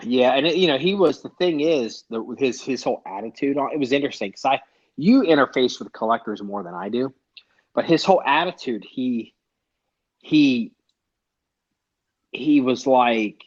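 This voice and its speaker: A man's voice: medium pitch, lively intonation, normal speed. A man hosting a podcast in casual chat, rambling, profane and often cutting himself off. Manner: rambling, profane, self-interrupting. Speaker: podcast host. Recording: dull lo-fi sound.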